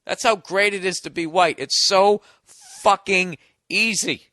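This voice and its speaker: A man with a high, sharp voice rants on his podcast, heavy with sarcasm and swearing. The sound is close and dry, with no room around it. He mocks and grumbles his way through a comic monologue. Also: measured pace, dry recording. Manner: sarcastic, profane ranting. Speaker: podcast host.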